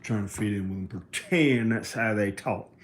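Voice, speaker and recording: A middle-aged man vlogging in a rambling solo monologue, halting and often restarting his sentences. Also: lowish voice. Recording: echoey room with faint noise.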